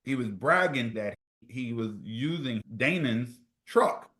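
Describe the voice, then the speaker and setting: In an echoey room, the middle-aged former college footballer from New Jersey spins interview stories at a slow pace in a mid-range voice. He's an animated storyteller who voices the dialogue he quotes.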